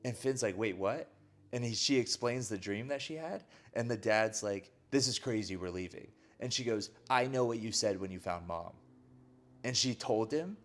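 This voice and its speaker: A man with a somewhat low voice retells a film plot in casual podcast chat. He keeps it animated, slipping into the characters' lines as he goes and leaning on "like" a lot. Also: moderate pace. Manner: animated storyteller acting out quoted lines, frequent "like". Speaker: podcast co-host.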